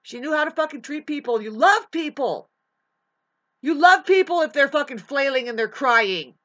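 A woman with a high, bright voice rants straight into the camera. She swears freely and preaches at her audience in a heated, lecturing way. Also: expressive, normal speed, highs cut off. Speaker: vlogger. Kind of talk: profane ranting monologue.

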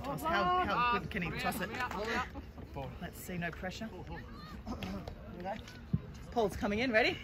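A woman giving chatty, excitable live commentary on an amateur match from the sideline, laughing easily. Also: a little high, a little slow, pauses often. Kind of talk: casual live sports commentary. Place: outdoors at a sports field sideline. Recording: outdoor sideline with crowd noise. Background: spectators cheering and chatting.

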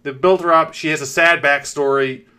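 A male streamer telling a long story to his chat in an animated way, swearing freely and greeting viewers. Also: on the high side, moderate pace, clear, resonant tone. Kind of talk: casual live-stream storytelling.

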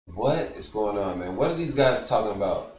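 A man streaming, reading texts aloud and commenting in an emphatic, animated way, often repeating his points. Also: lowish voice, moderate pace, far from the mic. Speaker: streamer reacting to news. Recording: roomy, away from the mic.

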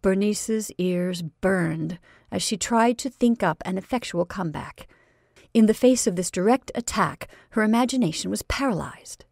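A woman reading a classic short story aloud in a measured, expressive narration. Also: mid-range voice, gravelly, no room sound, studio quality.

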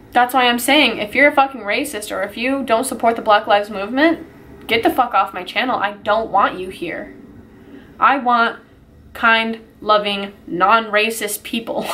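A woman's voice: mid-range voice, pushed and bright, slight background noise. A woman talking to her small channel in an emotional vlog, upset and swearing, rambling with sighs and restarts. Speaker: YouTuber.

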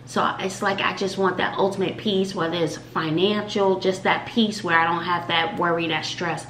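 Soft-spoken mom, low voice, echoey room. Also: female voice, steady tone, normal speed. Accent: Texan. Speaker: mom and channel host. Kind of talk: casual family chat. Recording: echoey room with faint noise.

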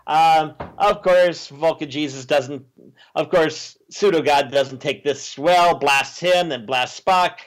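A man's voice: on the high side, slow. A man hosting a casual movie review chat, sarcastic, mocking characters with exaggerated voices. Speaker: podcast host.

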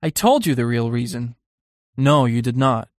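An amused, cynical young aristocrat, as a man reads him in a storybook reading. He teases and lifts his voice with mock surprise, at an everyday pitch. The recording is dry. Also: animated, normal speed, no echo, natural voice.

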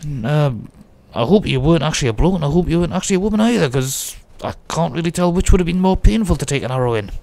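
A man's voice: a little high, lively intonation, fast talker, vocal fry, few pauses, a little mellow, dry recording. A man giving chatty, jokey commentary as he plays a game and talks to himself. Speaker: let's play host. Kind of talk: casual gameplay commentary.

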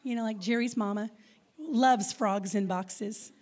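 A woman's voice: a little high, measured pace, a little mellow. A woman in her fifties with a Texas accent, giving a playful Mother's Day sermon and calling out questions to the congregation. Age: 50s. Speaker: guest speaker. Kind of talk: Mother's Day sermon with audience call-and-response.

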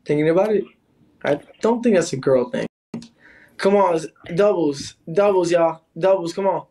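A man's voice: on the high side, moderate pace, dark tone. A man on a casual livestream who taunts his rival and calls out to his viewers. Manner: taunting, teasing, calling out to viewers. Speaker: livestreamer in a live battle.

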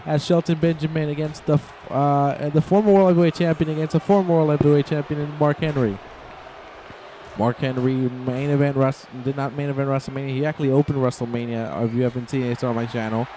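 A man giving excitable, rambling play-by-play commentary over a wrestling video game, shouting on the big moves. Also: mid-range voice, a little fast, slight background noise.

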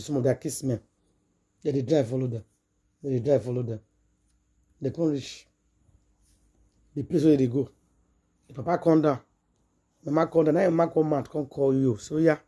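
A gossip vlogger with a Nigerian accent retells a story in Pidgin English, acting out the quoted dialogue in a chatty, dramatic way. Her voice sits low and sounds mellow and husky.

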